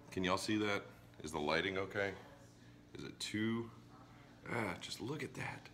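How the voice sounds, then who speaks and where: Brief: male cooking vlogger, low voice, hoarse with a cold, excited chatter, faint background noise. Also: normal speed. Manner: enthusiastic, chatty, talks to viewers. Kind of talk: casual cooking vlog. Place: backyard grill and home kitchen.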